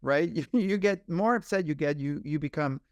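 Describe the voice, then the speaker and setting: A man who is a pediatrician, a guest on a podcast interview, explaining ideas in an animated way with examples. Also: fairly high pitch, normal speed, dry recording, clean studio sound.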